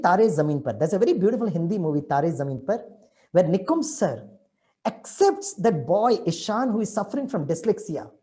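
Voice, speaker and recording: Dramatic Indian motivational speaker, mellow. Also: male voice, high voice. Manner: dramatic, acts out dialogue, swings between loud and soft. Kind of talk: motivational talk with storytelling.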